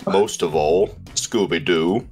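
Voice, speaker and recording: A man's voice: deep voice, darkish tone, slightly rough, pitched below the performer's own voice, exaggerated voice. A man doing a pompous Southern detective. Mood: drawling. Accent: Southern US drawl. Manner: slow, halting, mock-grand. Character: pompous Southern gentleman detective, male, middle-aged. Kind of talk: comic impression on a podcast.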